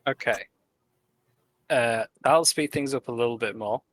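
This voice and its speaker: Guy dm-ing a tabletop game, middling pitch, kinda hesitant with the ums. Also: unhurried. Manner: hesitant, filler-heavy rulings. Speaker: game master.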